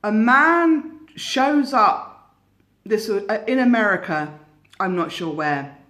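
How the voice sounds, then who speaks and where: A woman's voice: mid-range voice, expressive, slow, a bit bright. A woman hosting a tarot channel, casually telling a cautionary story in a musing way with hesitant restarts.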